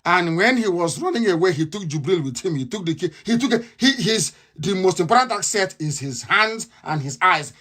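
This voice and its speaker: A man's voice: high-pitched, lively intonation, brisk, few pauses, sharp tone. A man with a Nigerian accent giving a combative, mocking live radio address, repeating his points again and again. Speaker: radio broadcaster.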